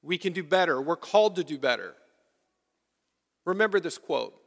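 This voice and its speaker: Male pastor, high voice, sermon, repeated rhetorical questions, long church reverb. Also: expressive, moderate pace, a bit bright. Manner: preaching with rhetorical questions and repetition. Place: church sanctuary.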